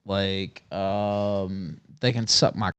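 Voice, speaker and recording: A man's voice: deep voice, steady tone, drawn-out words, smooth, no echo, dull audio. A stressed livestream host, a man, ranting angrily and combatively with heavy swearing. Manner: combative, swears heavily, yells. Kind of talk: angry profane rant.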